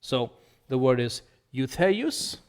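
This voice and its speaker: A man teaching Greek vocabulary, slowly and deliberately repeating each word and its meaning as a drill lesson. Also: mid-range voice, very animated, smooth, long reverb tail.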